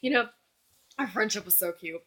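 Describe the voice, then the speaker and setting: A woman's voice: medium pitch, normal speed, pushed and bright. A young woman chatting casually in a book review vlog, gushing and acting out characters' lines.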